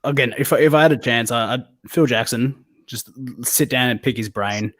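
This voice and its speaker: A man's voice: mid-range voice, moderate pace, no room sound, studio quality. Laid-back laughing man. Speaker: podcast co-host. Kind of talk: casual podcast chat.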